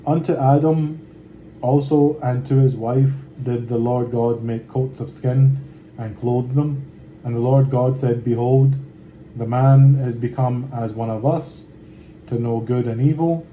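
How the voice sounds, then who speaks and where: Brief: male scripture reader with a deep, warm, dark tone, deliberate delivery, casual asides, faint hiss behind. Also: fairly even intonation, low-quality recording. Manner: deliberate reading with slangy offhand comments.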